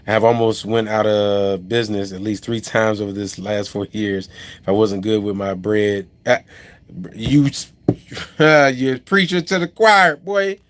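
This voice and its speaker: Fairly low-pitched and a little mellow, he speaks in a flat, unhurried way. He's a trucker who owns his own trucking company, rambling through a story on a casual live stream with frequent restarts and asides to his viewers.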